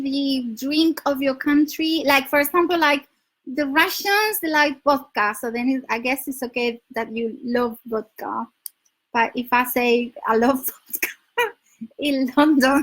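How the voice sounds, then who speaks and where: A chatty woman with a Spanish accent talks casually to her live viewers, laughing often and answering their comments. Her voice sits high for a woman. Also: a bit bright, low-quality recording. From Spain. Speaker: dating advice live streamer. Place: her home in London.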